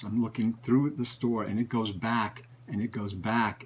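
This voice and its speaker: A man's voice: on the low side, steady tone, normal speed, few pauses, slightly rough, rough recording. A man, a book collector, telling stories in a rambling casual way, often repeating and restarting phrases. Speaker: book collector and show regular. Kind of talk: casual storytelling.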